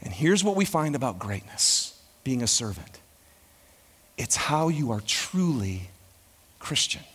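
A male pastor preaching a sermon in an animated way, throwing questions out to the congregation. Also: mid-range voice, unhurried, pauses often, breathy edge.

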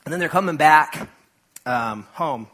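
A man delivering a sermon in a church, talking to the congregation like he's chatting with them. His voice is bright and a touch high, and he breaks up the reading with quick asides. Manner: conversational, animated preaching with asides and acted-out quotes. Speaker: pastor.

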